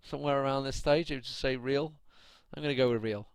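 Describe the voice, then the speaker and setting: A man streams his own match commentary, chatting and laughing as he answers his viewers. His voice sits at an ordinary middle pitch and is recorded dry and close, with no room around it. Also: fairly even intonation, fast, clean tone, no echo. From United Kingdom. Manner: chatty, laughing, ranting at chat. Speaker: esports caster. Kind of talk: solo live stream commentary.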